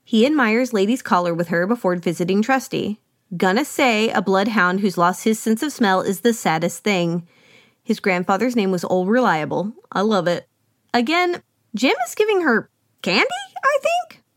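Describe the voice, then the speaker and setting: A woman's voice: mid-range voice, lively intonation, moderate pace, dry recording, clean studio sound. A woman hosting a podcast, giving a chatty, wry solo recap of a film with playful asides. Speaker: podcast host. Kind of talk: solo movie recap commentary.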